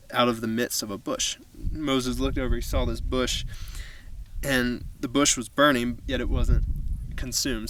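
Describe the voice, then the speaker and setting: A man's voice: mid-range voice, a bit bright, recorded from a distance, slight background noise, rough recording. Man preaching casually on a mountaintop. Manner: casual, conversational preaching with fillers. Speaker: youth pastor. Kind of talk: outdoor sermon. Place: outdoors on a mountaintop.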